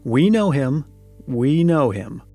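A man's voice: on the high side, very animated, slow, warm tone, slightly rough, no echo, full character voice. A man voicing a malicious male goblin who questions in a stern, mocking way, reading a storybook aloud with faint music behind.

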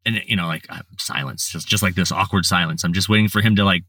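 Blunt, plain-talking man with a low voice, recorded dry and a little distant from the mic. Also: steady tone, brisk, fairly bright tone, no echo. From United States. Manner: blunt, swears, lots of fillers and restarts. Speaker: podcast guest. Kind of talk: casual storytelling.

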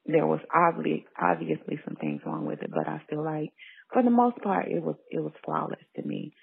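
A woman caller leaving a soft, halting message over the phone, stopping and restarting often. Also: sits low, big pitch swings, vocal fry. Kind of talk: voicemail message. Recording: tinny phone line.

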